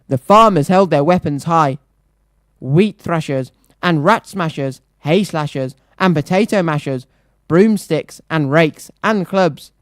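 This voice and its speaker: A children's radio presenter reading a picture book aloud, lively and rhythmic. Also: medium pitch, unhurried, dry recording.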